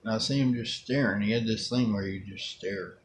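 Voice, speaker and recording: A middle-aged Southern American man with a lowish voice tells a rambling personal story at a brisk clip. He's a storyteller vlogger with a casual, folksy manner who acts out quotes, and there's a little hiss or hum.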